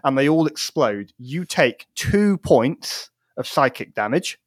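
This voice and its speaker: A man's voice: medium pitch, lively intonation, takes it slowly, no room sound, clean studio sound. A man running a tabletop game as game master, polite and a bit rambling.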